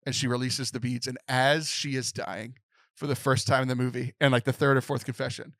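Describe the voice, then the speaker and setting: A man co-hosting a casual podcast chat, retelling a film plot in an animated way with many fillers. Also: mid-range voice, brisk, dry recording, clean studio sound. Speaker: podcast co-host.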